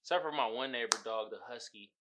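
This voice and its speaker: A man hosting a podcast, talking in a casual, slangy and profane way, animated and quick to laugh. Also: medium pitch, noisy background. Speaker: podcast host.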